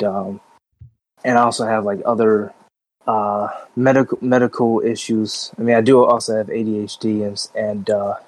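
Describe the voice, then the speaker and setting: A man from the Chicago area talks in a worn-out, halting way, restarting his sentences over and over. His pitch barely moves, and his voice sits dry and close with no room sound. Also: a little mellow, no room sound, rough recording. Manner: halting, many fillers and restarts. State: drained. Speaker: guest. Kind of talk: casual conversation.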